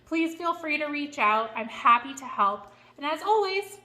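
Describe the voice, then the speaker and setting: A woman's voice: high voice, animated, normal speed, bright, forceful tone. A woman dog trainer giving a frank, chatty lesson on dog behavior. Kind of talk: instructional video.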